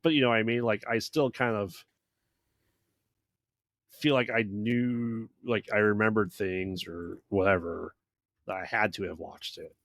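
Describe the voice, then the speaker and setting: A man's voice: lowish voice, steady tone, a little slow, creaky, pauses often, a bit bright, dry recording. A man co-hosting a podcast, recapping a bad movie in loose casual chat and acting out characters' lines along the way. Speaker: podcast co-host.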